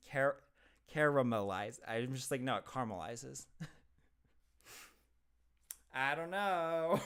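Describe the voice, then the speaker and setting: A man's voice: fairly high pitch, fairly bright tone. Giggly Midwestern guy chatting on stream. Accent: American Midwestern. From southern Ohio, USA. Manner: chatty, giggly, rambling with frequent laughs. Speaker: streamer answering chat. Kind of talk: casual live-stream chat.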